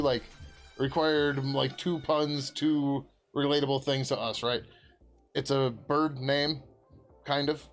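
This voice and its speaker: A man who is a software developer streaming his work, chatting casually as he codes. He rambles, laughs often, answers his viewers and swears now and then. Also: on the high side. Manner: swears casually, many fillers. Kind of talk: casual live-stream chat while coding.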